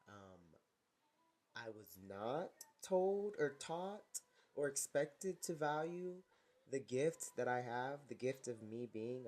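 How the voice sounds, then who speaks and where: A man speaks into a microphone in a loose, introspective monologue, pausing on fillers and restarting his thoughts. He talks himself through self-doubt in a searching, self-affirming way. His pitch sits in the middle for a man. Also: darkish tone. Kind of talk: casual reflective monologue. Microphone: testing a microphone.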